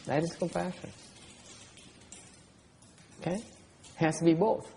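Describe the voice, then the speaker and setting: A man's voice: a little high, little pitch movement, normal speed, long pauses, darkish tone, in a large hall. A man giving a Dharma talk as a Buddhist teacher, answering questions bluntly and teasingly, often laughing and repeating words.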